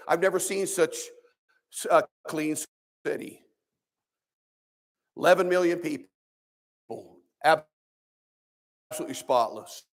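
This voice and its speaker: High-voiced man preaching. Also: moderate pace, gravelly, long pauses. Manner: preachy, conversational, with sarcastic asides. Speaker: pastor. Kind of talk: Sunday school sermon.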